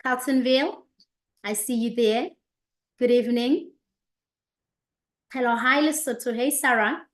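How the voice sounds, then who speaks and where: A woman in her thirties hosting an online business session, greeting viewers by name and place with lively enthusiasm. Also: sits high. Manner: energetic, repeats greetings, reads out viewers' locations. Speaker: host of an online business presentation. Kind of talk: upbeat live-stream greeting and presentation. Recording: echoey room.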